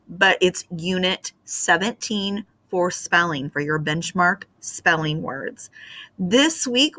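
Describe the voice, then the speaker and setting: Woman teacher, spelling lesson, slow patient explaining, bright voice, computer mic. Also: lowish voice.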